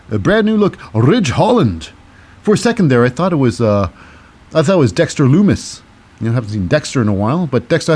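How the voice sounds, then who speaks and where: Cynical man recapping wrestling with a fairly high voice. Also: a little mellow. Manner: cynical and wry, with many fillers. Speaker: podcast host.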